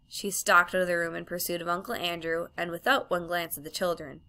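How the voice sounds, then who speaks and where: A woman reading a children's story aloud as a storybook narrator, in an even, clear storytelling manner. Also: on the low side, brisk, few pauses. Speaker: audiobook reader.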